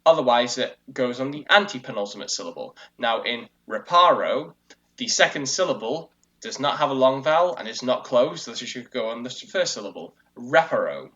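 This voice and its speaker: A man co-hosting a casual discussion podcast, explaining at length in a rambling, animated way, full of fillers and restarts. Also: mid-range voice, a little fast, few pauses. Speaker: co-host. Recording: lo-fi dull audio.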